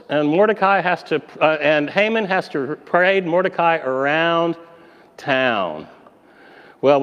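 A man telling a Bible story to children in a lively, animated way, with little voices for the characters. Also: on the high side, in a large hall, dull audio.

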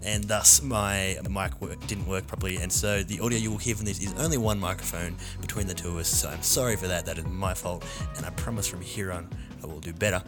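A relaxed Australian man hosts a podcast chat in a slightly low voice, laughing easily between his stories. Music plays clearly underneath him. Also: fairly quick. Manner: laughs often, relaxed and chatty. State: jet lagged and tired. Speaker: podcast host. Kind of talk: casual interview chat.

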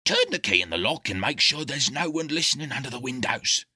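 A man voicing a loyal male dog in a storybook reading, husky, urgent and pleading. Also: medium pitch, big pitch swings, a little fast, pushed and bright, voice pushed up, full character voice.

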